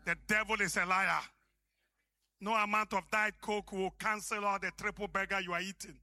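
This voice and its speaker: A man with an African accent, preaching a sermon as pastor, impassioned and shouting for emphasis. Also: high-pitched, level tone, normal speed, faint music behind.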